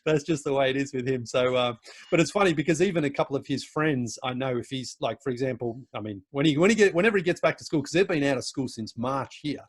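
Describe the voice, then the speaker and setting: A man's voice: mid-range voice, fast, breathy edge. A middle-aged Australian man with an Australian accent, rambling with many restarts and easy laughter as a guest in a casual interview. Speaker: podcast host, guest.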